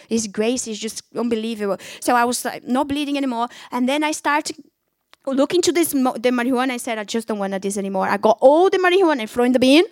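A woman's voice: fairly high pitch, no echo, clean studio sound. A woman giving an emotional personal faith testimony, talking animatedly in conversational English with non-native phrasing.

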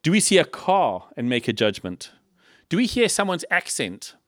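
A man from Africa, preaching a sermon in a lively style full of rhetorical questions and humorous asides. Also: a little high, normal speed, dry recording, studio quality. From South Africa. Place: church in Liverpool.

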